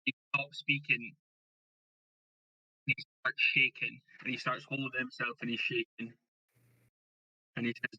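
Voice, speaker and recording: A man's voice: mid-range voice, flat delivery, measured pace, pauses often, pushed and bright, no room sound, muffled recording. A man narrating as game master of a tabletop role-playing game, telling the story steadily and quoting characters plainly.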